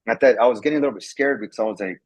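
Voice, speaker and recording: A man's voice: mid-range voice, very fast, dry recording. A man, a former soldier, telling a story in a casual, rambling way and acting out the quoted dialogue, often repeating words. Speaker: guest, former National Guard soldier. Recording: dull lo-fi sound.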